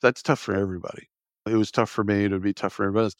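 Blunt, animated man in his fifties. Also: fairly low pitch, racing, no echo, studio quality. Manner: animated storyteller who acts out quoted speech, blunt and salty. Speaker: podcast guest. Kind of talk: casual storytelling interview.

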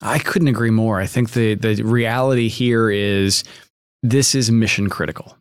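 A man hosting an interview podcast, speaking in a deliberate, emphatic way with drawn-out phrasing. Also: on the low side, steady tone, clean tone, dry recording, clean studio sound. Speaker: podcast host.

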